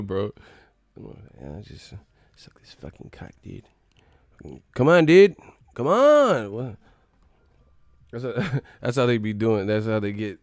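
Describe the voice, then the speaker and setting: A man's voice: fairly low pitch, a little mellow, no room sound, studio quality. A young man hosting a live stream, casually swearing and mocking his chat in slangy talk.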